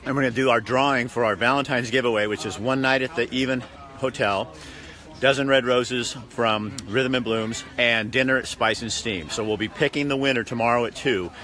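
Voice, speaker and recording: A man hosting a casual chat outdoors at a charity run, telling animated stories and laughing often. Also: medium pitch, fairly quick. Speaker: host. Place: outdoors at a street event.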